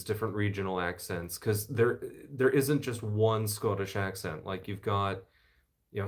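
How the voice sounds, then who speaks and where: American baritone man chatting casually. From United States. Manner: relaxed, chatty, enthusiastic asides. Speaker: channel host reading live chat. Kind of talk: casual live-stream chat. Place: home living room by the fireside.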